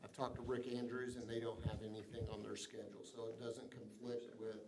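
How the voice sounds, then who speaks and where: A man's voice: medium pitch, flat delivery, brisk, a crowd in the background. A man on the city staff giving a casual report at a council meeting. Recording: echoey room, far from mic, background noise.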